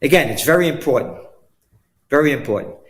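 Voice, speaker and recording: A man's voice: medium pitch, lively intonation, a little fast. An older man from the Bronx with a New York accent, guest-hosting a talk show in a blunt, rambling, emphatic way. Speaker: guest host. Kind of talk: casual talk show chat.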